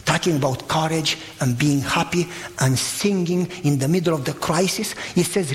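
Animated high-voiced male preacher in a hall. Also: normal speed, hardly any pauses. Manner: animated, acts out voices, emphatic. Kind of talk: sermon with dramatic storytelling. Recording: long reverb of a large hall.

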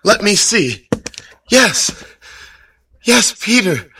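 A man's voice: high-pitched, big pitch swings, drawn-out words, pushed and bright, husky, distant mic, full character voice. An actor voicing an earnest young male disciple in an audio Bible drama, wondering and believing. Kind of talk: radio drama acting.

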